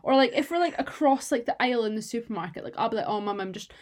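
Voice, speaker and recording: A young woman from the UK co-hosting a casual chat, talking fast with lots of "like" fillers and the odd swear. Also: a little high, expressive. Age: young adult. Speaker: podcast co-host.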